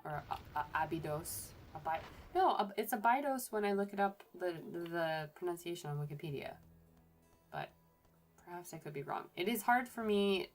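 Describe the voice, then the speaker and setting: A woman gives casual commentary as she plays a game, chatty, often trailing off and correcting herself. Her voice sits a little low, and faint music plays underneath. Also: lively intonation, moderate pace. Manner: chatty, hesitant, self-correcting. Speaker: archaeologist streamer.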